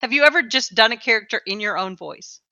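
Woman host, bright voice, chatty and repeating herself, dull dry recording. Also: a little high, lively intonation, quick pace, dry recording. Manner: chatty, repeats words and laughs often. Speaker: podcast host. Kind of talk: casual chat. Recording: dull, slightly lo-fi dry sound.

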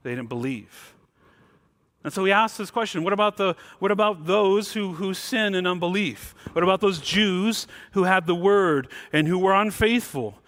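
A man preaching a sermon as pastor, emphatic, swinging between loud stressed words and quiet, low asides. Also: moderate pace.

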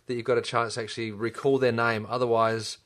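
A man's voice: medium pitch, level tone, fast, fairly bright tone. An enthusiastic middle-aged man, a chiropractor talking casually as podcast co-host, with lots of restarts. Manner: enthusiastic, chatty, many restarts. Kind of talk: casual chat.

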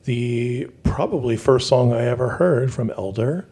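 A man's voice: medium pitch, measured pace, dark tone, slightly rough. A man co-hosting a podcast in casual chat, talkative and full of fillers. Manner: chatty, with many fillers. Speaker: podcast co-host.

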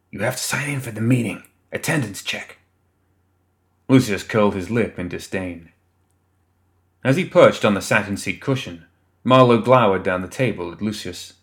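Low-voiced guy narrating a fantasy audiobook, steady and measured.

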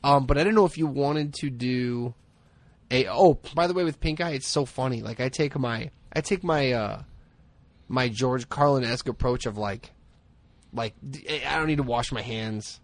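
A man's voice: mid-range voice, normal speed, dry recording. Man, podcast co-host, rambling comic storyteller, dry mic. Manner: rambling, self-mocking, laughs often. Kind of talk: casual comedic chat.

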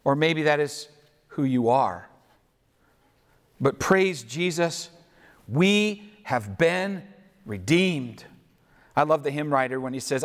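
Slow-preaching man in an echoing hall. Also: a little high, a bit bright. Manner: slow, deliberate preaching with questions to the listeners. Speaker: pastor. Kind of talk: sermon. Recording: echoey hall reverb.

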